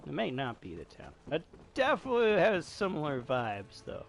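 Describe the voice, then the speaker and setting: A young man giving excitable, jokey commentary while playing a video game. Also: a little high, moderate pace, creaky. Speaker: gaming streamer. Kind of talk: casual gameplay commentary.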